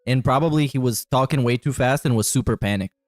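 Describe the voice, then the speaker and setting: A man's voice: mid-range voice, fast talker, no room sound, clean studio sound. A man in casual podcast banter, blunt and dismissive, swearing freely.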